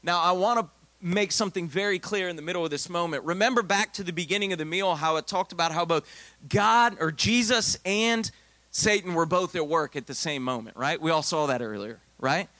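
A pastor preaching to his congregation, a man with a high, bright voice. He talks like he is chatting with them, then jumps into loud, emphatic bursts. The sound is close and dry. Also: fairly quick, no echo. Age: adult, married. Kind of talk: sermon.

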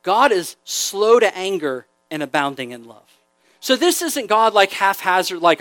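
A man's voice: high-pitched, moderate pace, no room sound. A man preaching a casual, joking sermon to a youth group, reading scripture aloud between asides. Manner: conversational, joking, animated preaching.

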